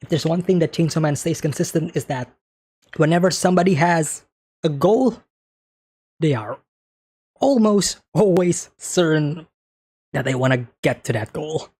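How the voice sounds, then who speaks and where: Husky-voiced man musing over an anime. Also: on the high side, lively intonation, a little slow, pauses often, a little mellow. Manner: thinking aloud, often tagging points with "right?". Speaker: anime reaction host. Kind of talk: casual episode commentary.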